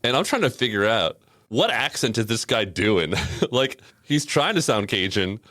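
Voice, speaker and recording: A man co-hosting a podcast reviews a cartoon episode in casual chat, wry and sarcastic and laughing often. His lowish voice is a bit bright with big pitch swings at a normal speed, in a dry, clean studio recording.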